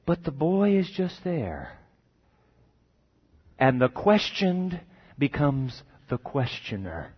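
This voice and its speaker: Lively preacher man, fairly high voice. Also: normal speed. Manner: lively, conversational, asks the congregation questions. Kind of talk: sermon. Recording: dull muffled recording.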